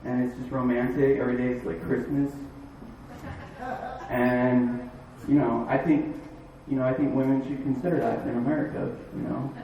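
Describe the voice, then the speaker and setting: A man's voice: mid-range voice, level tone, distant mic, muffled recording, a little hiss or hum. Rambling comic man in an echoey bar. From Florida. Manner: halting, rambling delivery with many fillers. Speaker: stand-up comic. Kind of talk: stand-up comedy set. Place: dive bar.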